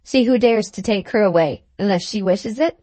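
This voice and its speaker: A woman's voice: mid-range voice, moderate pace, warm tone, no room sound, close to an everyday voice. Storybook role: woman playing a terse, cool young male schemer, clipped delivery. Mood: curt. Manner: clipped, curt phrases.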